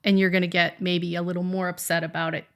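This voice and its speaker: Bright, emphatic middle-aged woman. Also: lowish voice, flat delivery, quick pace, clean tone. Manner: emphatic, advice-giving, lecturing. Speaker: podcast co-host, mother. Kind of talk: casual podcast chat.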